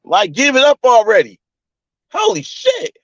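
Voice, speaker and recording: A man's voice: very high-pitched, huge pitch swings, gravelly, fairly bright tone, dry recording. A man hosting a livestream, ranting in a profane, mocking way with heated energy. His voice comes through dull, lo-fi stream audio. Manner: profane, fast-talking, mocking. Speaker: streamer host.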